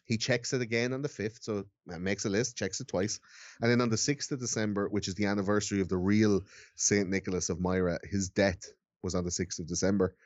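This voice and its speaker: A man's voice: on the low side, dry recording, muffled recording. A man casually explaining Christmas folklore on a podcast in a loose, profane way. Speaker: podcast co-host. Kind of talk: casual chat, explaining history.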